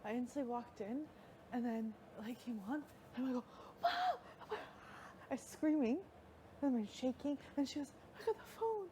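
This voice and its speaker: A woman chatting casually, animated as she tells stories and acts out what others said, with frequent "like". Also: fairly high pitch, moderate pace. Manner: animated storytelling, quotes others, says "like" often. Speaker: reality show houseguest. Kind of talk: casual chat. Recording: live feed with audible background noise.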